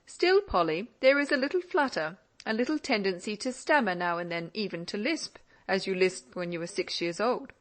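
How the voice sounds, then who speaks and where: A woman's voice: mid-range voice, animated, moderate pace, hardly any pauses, close to an everyday voice. A woman voicing an older Scottish father who indulgently teases his daughter in an audiobook. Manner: indulgent and gently mocking. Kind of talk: audiobook character reading.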